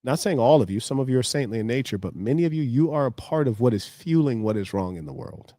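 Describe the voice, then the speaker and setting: A man's voice: medium pitch, animated, fast, mellow, no room sound, clean studio sound. An American man streaming live, lecturing his viewers in a confrontational monologue. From United States.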